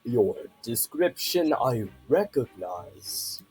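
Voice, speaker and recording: A gruff bear-folk knight from a tabletop game, voiced by a man, huge and imposing. He speaks slowly and formally, each sentence measured, in a slightly husky voice with faint music behind. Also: medium pitch, sing-song, a little mellow, heavily acted. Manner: slow, measured, formal speech.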